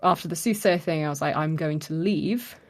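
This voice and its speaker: A woman's voice: low-pitched, brisk. A woman co-hosting a podcast, telling a story in casual chat and acting out the quoted lines with lots of fillers. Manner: animated retelling, acts out quoted lines with many fillers. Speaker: podcast co-host.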